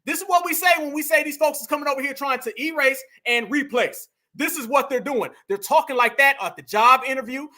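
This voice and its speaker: A man's voice: extremely high pitch, sharp tone. A man hosting a heated commentary monologue, emphatic and repetitive, calling his audience family. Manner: emphatic, repeats lines, calls the audience family. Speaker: commentary host.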